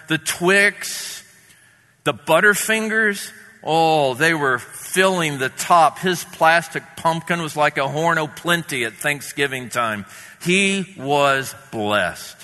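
A man preaching a sermon, opening with a prayer and then telling a story in a measured, vivid way. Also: on the high side, sharp tone. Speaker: pastor. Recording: long reverb in a hall.

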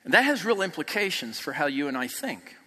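A man preaching a sermon as pastor, emphatic, swinging from loud peaks to soft, quiet passages. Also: on the high side, big pitch swings, brisk. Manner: emphatic, rising to near shouts then dropping soft. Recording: long reverb of a large hall.

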